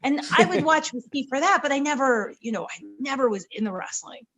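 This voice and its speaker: A woman, a pro wrestler, telling lively stories in a casual podcast interview and acting out the quotes. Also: high voice, fairly quick. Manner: lively storyteller, acts out quotes.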